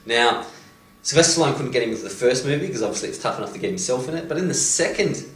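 A man, a motivational coach, retelling a story with animated delivery and many "you know"s and "um"s. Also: mid-range voice, rapid-fire. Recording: roomy echo, distant mic.

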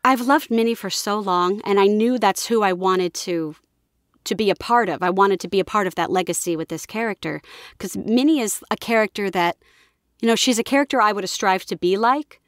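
Woman, young adult, voice actress, lively, dry close mic. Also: mid-range voice, a little fast, dry recording. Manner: enthusiastic, animated, often slips into voices. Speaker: voice actress guest. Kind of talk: casual interview chat.

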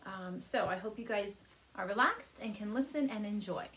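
A woman teacher reading a children's chapter book aloud from her couch at home, speaking gently and warmly to young listeners. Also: mid-range voice, normal speed, a little hiss or hum. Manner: gentle, animated storyteller addressing kids.

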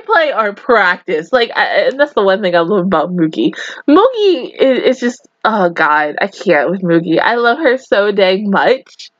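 A woman's voice: mid-range voice, sing-song, a little slow, dry recording, muffled recording. A young woman hosting an anime reaction, gushing and giggling through casual commentary full of "like" and "oh my god".

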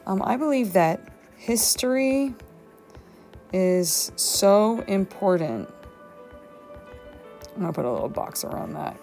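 A woman teacher talks slowly to herself while writing, musing over each phrase. Her voice sits low and mellow with a gravelly edge. Soft music plays faintly behind her. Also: animated. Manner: slow, musing, talks to herself as she writes. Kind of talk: thinking aloud while writing a journal demo.

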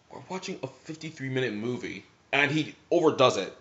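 A man's voice: medium pitch, lively intonation, brisk, fairly bright tone. A young man casually telling rambling stories about watching anime with his father, full of "like" fillers, on a slightly muffled recording. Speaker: vlogger. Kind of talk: casual storytelling.

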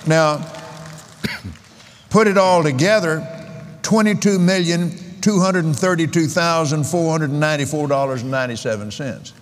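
An older man preaching a sermon, telling stories in a slow, rambling way and counting out figures. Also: a little high. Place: large convention hall. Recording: long reverb of a large hall.

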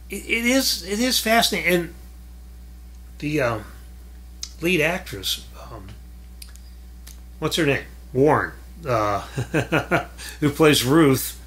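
A man's voice: mid-range voice, sharp tone. A man hosting a casual film commentary, rambling and correcting himself as he talks about what he has been watching. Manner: rambling, self-correcting, chuckling asides. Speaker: film critic host.

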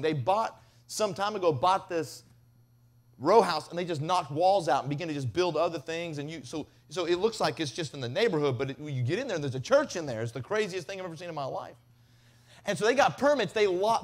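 A man from Mississippi preaches at a revival and spins a comic story with lively energy. His voice sits notably high for a man. He drops into quoted voices as he tells it. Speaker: evangelist.

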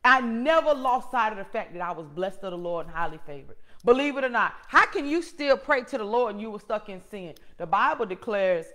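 Host, woman, middle-aged, emphatic preachy testimony, loud to hushed, medium pitch. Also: animated, fairly quick, few pauses. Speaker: host and motivational speaker.

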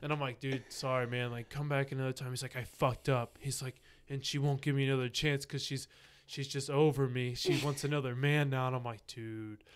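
A young man hosting a podcast, telling a story in a casual, animated way, often laughing and saying "like". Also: mid-range voice, a little fast, smooth. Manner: animated, laughing, heavy use of "like". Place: podcast studio.

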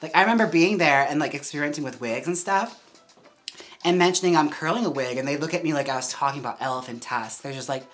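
A woman's voice: sits low, fast, soft background music. A woman hosting a casual livestream while styling a wig. She is chatty and giggly and says "like" a lot. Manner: chatty, giggly, heavy use of "like".

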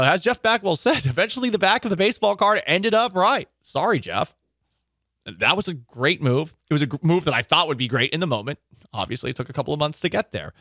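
Male radio host, mid-pitched voice, dry studio sound, opinionated and chatty. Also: fairly bright tone, no room sound. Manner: opinionated, conversational, self-correcting. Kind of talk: sports talk radio commentary. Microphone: studio microphone.

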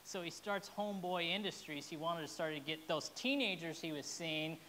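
A woman's voice: fairly low pitch, moderate pace, a bit bright, slight background noise. A woman pastor preaching a sermon in an earnest, heartfelt way, at times openly emotional.

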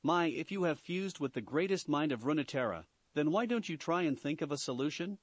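A husky, sly female demon who drawls with languid, toying menace, as a male reader puts her on. The voice rises and falls with lively swings, and it sits dry and close. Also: fairly high pitch, fairly quick, no room sound. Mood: teasing. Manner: teasing, languid.

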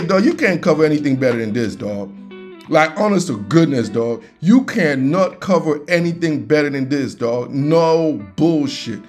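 A man hosting a football film breakdown, talking in an excitable, slangy, profane way and calling the viewer man and dog. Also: a little high.

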